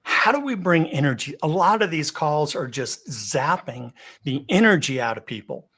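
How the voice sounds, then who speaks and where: A man giving an instructional webinar talk over a video call. He varies his pace, pitch and loudness for emphasis and often repeats a word as he starts a thought. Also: very animated, moderate pace. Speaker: webinar guest speaker.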